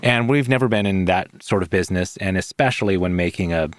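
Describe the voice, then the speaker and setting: A man co-hosting a podcast in relaxed conversation, often padding his sentences with "you know.". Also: deep voice, fast. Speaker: podcast co-host. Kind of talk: casual chat.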